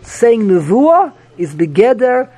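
A man's voice: extremely high pitch, big pitch swings, takes it slowly, dark tone. A man teaching a Talmud class, repeating himself animatedly and mixing English with Hebrew and Yiddish terms.

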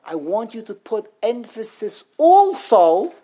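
A woman's voice: fairly high pitch, sing-song, takes it slowly, warm tone. A woman teaching an interactive scripture grammar class, emphatic, often restarting and repeating words. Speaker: religious studies teacher.

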